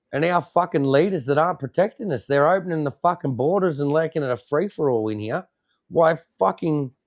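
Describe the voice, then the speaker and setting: A man with an Australian accent, a military veteran guest ranting angrily and swearing constantly. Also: a little high. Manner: heated, swears constantly, repeats himself. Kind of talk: angry profane rant.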